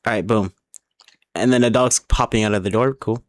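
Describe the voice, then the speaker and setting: A man's voice: lowish voice, fairly even intonation, normal speed, no echo. Rambling, swearing drunk male streamer. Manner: rambling, swearing, repeating himself as he plays. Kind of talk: casual live gaming commentary.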